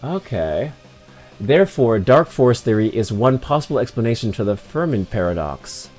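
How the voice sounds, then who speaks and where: A man's voice: mid-range voice, very animated, moderate pace, a little mellow, faint music behind. A man streaming a game, rambling through casual, slangy commentary with swearing and self-mocking asides.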